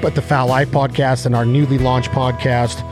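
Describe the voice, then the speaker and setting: A man hosting a podcast in casual chat. He is energetic, talks over his guest at times, and coaches his guest step by step. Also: medium pitch, moderate pace, over loud music. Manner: coaching and instructive. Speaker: podcast host.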